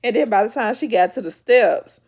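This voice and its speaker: A woman's voice: a little high, animated, normal speed, darkish tone, husky. A woman hosting her own channel, chatting casually as she retells a reality TV episode and acts out the quoted lines. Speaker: YouTube show host.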